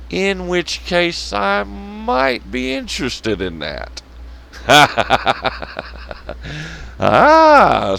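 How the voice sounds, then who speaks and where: Lively, swearing man ranting. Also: medium pitch. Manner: blunt, sarcastic, swearing often, laughs at own jokes. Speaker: wrestling commentary vlogger. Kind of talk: profane ranting commentary.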